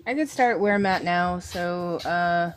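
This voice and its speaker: A woman's voice: fairly low pitch, measured pace, slight background noise. A woman guest on an interview show, telling a painful personal story in a rambling, emotional way. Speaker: guest artist. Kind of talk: casual interview talk.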